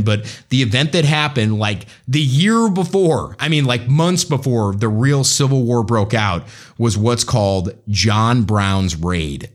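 A man hosting a solo political commentary show, talking in an animated way with sarcastic asides. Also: on the high side. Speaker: podcast host.

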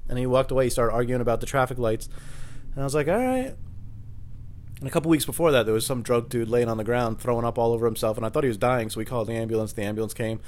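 A man's voice: mid-range voice, level tone, racing, a little mellow. A man at home doing a rambling solo monologue, swearing a lot and cutting himself off mid-thought. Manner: profane, rambling, cuts himself off. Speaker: podcast host. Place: at home by the kitchen fridge.

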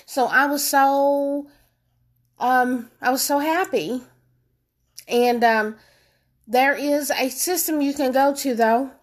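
A woman telling her viewers a personal story in an animated, emphatic, casual way, often calling them y'all. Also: high voice, takes it slowly, long pauses. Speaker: vlogger.

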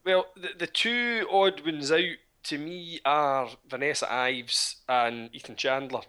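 Casting note: man, bright tense voice, opinionated podcast co-host. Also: fairly high pitch, takes it slowly, clear, resonant tone. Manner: animated, opinionated, swears casually. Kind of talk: casual chat about a TV show.

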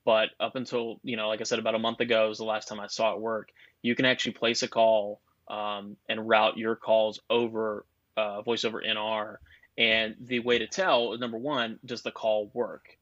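A man's voice: on the low side, level tone, moderate pace, fairly bright tone, no echo, highs cut off. A man on a podcast explaining phone networks in a rambling, casual way, full of fillers and restarts. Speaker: guest expert on cell networks.

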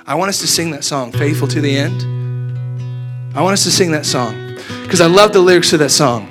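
Male worship leader with a fairly high voice, earnest spoken exhortation, soft guitar under him. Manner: earnest, building to urgent rapid questions. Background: soft guitar playing.

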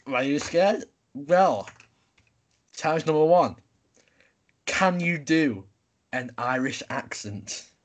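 A man's voice: fairly high pitch, expressive, slow pace, pauses often. A young man hosting a casual podcast chat, running a quiz game in an upbeat, announcing way. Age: young adult. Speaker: podcast host.

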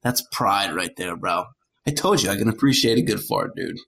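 A man in his thirties co-hosts a casual podcast with a lively, swooping voice. He tells stories animatedly, swears freely, and ends nearly every sentence with "bro" or "dude.". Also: lowish voice, normal speed, vocal fry. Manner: profane, says "bro" and "dude" constantly, animated storyteller. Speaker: podcast co-host. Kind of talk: casual crude podcast banter.

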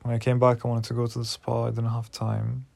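A man's voice: medium pitch, completely flat delivery, a little fast, creaky, darkish tone, no echo. A man in his twenties talking frankly and emotionally in a personal diary vlog, swearing freely when worked up. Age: 20s. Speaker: vlogger.

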